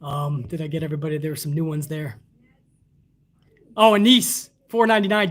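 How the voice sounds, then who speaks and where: American guy ranting about wrestling on a stream, swears a lot, gets heated, rambles on between donation shoutouts. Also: high voice, a little fast. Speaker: wrestling podcast host. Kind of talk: casual livestream commentary, reading donations.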